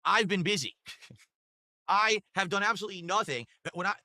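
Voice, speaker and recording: A man's voice: sits high, normal speed. A man livestreaming from his home room, rambling and cursing as he thanks donors in casual chat. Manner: rambling, profane, animated thank-yous. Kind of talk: casual stream chat reading donations. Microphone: desktop USB mic.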